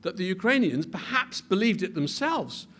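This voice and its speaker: A man giving a public talk with animated delivery, building to emphatic peaks and often repeating words as he restarts his sentences. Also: sits high, moderate pace. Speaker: speaker.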